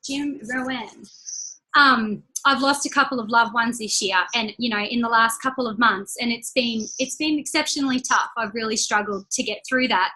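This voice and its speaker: A woman leading a training call, giving an upbeat motivational talk in a chatty, personal way and repeating key lines slowly for emphasis. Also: on the high side, pushed and bright, poor audio. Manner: chatty and personal, laughs between points.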